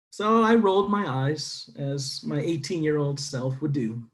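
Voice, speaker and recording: A middle-aged man from San Diego tells his life story with a lot of swing in his pitch, leaping up when he acts out the other people in it. His voice sits a little higher than most men's. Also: normal speed, hardly any pauses. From San Diego, United States. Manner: animated storytelling, acting out dialogue. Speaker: speaker. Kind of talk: personal story talk.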